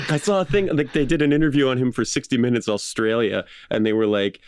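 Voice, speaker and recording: A man hosting a podcast, telling a story in casual chat, animated with frequent laughs and fillers. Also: mid-range voice, brisk, hardly any pauses, clean tone, no echo. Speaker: podcast host.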